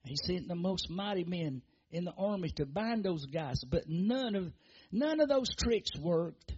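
A man preaches in a high, husky voice, driving his points home with rhythmic repetition. His emphasis climbs and then drops low. The sermon recording sounds muffled and lo-fi. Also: expressive, a little slow, a little mellow.

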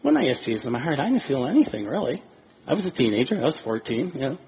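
A male pastor preaching a sermon, animated and acting out little scenes of dialogue. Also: mid-range voice, fast talker, gravelly. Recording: dull lo-fi recording with faint noise.

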